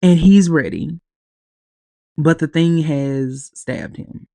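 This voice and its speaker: A woman recaps a TV episode on her podcast, teary-eyed and halting, leaving long pauses. She talks slowly in a gravelly, mellow voice. The room sound is dry and close. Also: low voice, dry recording. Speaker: podcast host.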